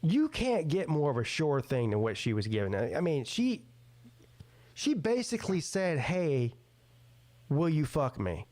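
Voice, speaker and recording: A man's voice: on the high side, normal speed. A middle-aged man, hosting a casual podcast and telling a story with acted-out quotes and frequent laughter. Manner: animated storyteller, acts out quotes, laughs often. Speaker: podcast host.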